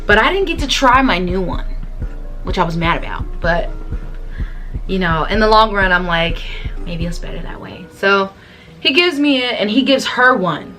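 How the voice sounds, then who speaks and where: Young adult woman vlogger, chatty slang storyteller, mid pitch, faint music under. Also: expressive, normal speed, bright, forceful tone. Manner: slangy, chatty, talks straight to viewers. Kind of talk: casual storytime vlog. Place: her bedroom. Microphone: camera.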